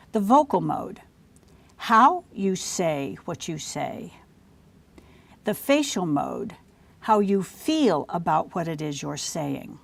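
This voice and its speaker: A woman giving scripted instructional narration for healthcare staff, measured, clear and carefully paced. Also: fairly low pitch, a little mellow.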